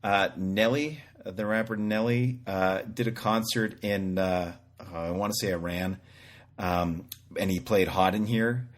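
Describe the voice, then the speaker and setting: A man's voice: lowish voice, a little slow. A man co-hosting a podcast, chatting casually and rambling with lots of fillers. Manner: rambling, full of fillers and restarts. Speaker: podcast co-host. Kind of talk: casual chat.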